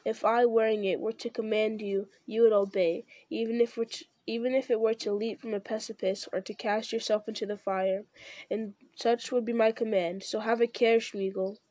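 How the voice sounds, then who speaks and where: A woman's voice: fairly high pitch, little pitch movement, normal speed, warm tone, dry recording, natural voice. A woman reading a stern, commanding young hero. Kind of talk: audiobook character reading.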